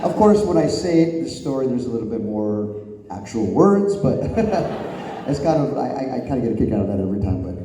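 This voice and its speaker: Man with a dark voice, echoey hall. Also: medium pitch, sing-song, fairly quick. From California. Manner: rambling, laughing anecdotes. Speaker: wrestler on a convention panel. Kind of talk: panel Q&A answers. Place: large convention hall.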